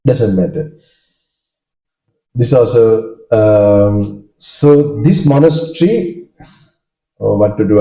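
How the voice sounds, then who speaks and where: Monk recounting stories in an echoey hall. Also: male voice, mid-range voice, warm tone. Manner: halting, storytelling, many fillers and restarts. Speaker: Buddhist monk giving a talk. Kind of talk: informal dharma talk. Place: hall with audience. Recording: dull echoey hall recording.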